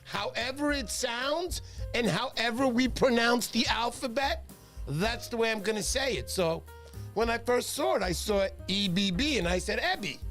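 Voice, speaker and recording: A middle-aged man hosting a fishing livestream, exuberant and loud, shouting viewers' names and joking with his wife. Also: extremely high pitch, normal speed, faint music behind. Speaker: fishing show host. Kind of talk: excitable livestream chat.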